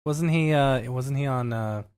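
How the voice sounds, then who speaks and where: A man's voice: medium pitch, measured pace, smooth. A man co-hosting a podcast, chatting casually and with energy, saying "dude". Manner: casual and animated, says "dude". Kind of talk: casual chat.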